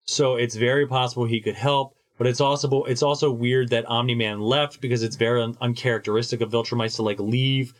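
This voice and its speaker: A man co-hosting a podcast in casual chat, calmly summing up story points. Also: medium pitch, brisk, few pauses. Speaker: podcast co-host.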